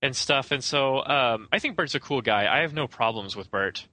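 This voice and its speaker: Male podcast co-host, casual and meandering, average pitch, bright voice. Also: moderate pace. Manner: rambling and hesitant, full of "I don't know". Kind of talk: casual film discussion.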